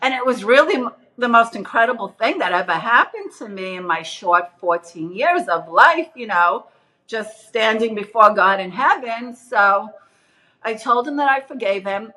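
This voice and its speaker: A middle-aged woman earnestly retelling her near-death experience in casual testimony, acting out the quoted voices with big jumps in pitch. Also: animated, moderate pace, pushed and bright, rough recording.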